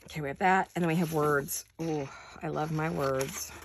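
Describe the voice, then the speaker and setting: Chatty gravelly-voiced woman crafting at her desk. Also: deep voice, steady tone, normal speed, a little hiss or hum. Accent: American. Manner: chatty, thinks aloud, gushes over pretty paper. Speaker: craft channel host. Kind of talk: casual craft chat while cutting paper.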